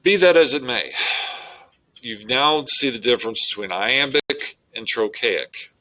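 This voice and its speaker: A man's voice: mid-range voice, expressive, measured pace, bright, forceful tone, rough recording. A male English teacher giving a methodical, explanatory recorded lecture on poetry.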